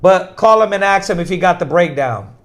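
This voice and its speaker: A man's voice: high-pitched, animated, brisk. A man teaching scripture to a class, emphatic and repetitive, firing off rhetorical questions. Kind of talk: preaching in a class.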